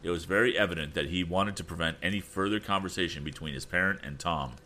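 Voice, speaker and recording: A man reading an adventure story aloud as narrator in a measured storytelling manner. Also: low voice, pushed and bright. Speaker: audiobook narrator. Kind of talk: scripted narration.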